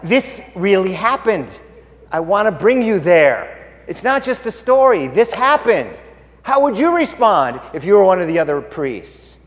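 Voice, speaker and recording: A man preaching a sermon, animated and swinging between loud and hushed. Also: sits high, measured pace, long reverb tail.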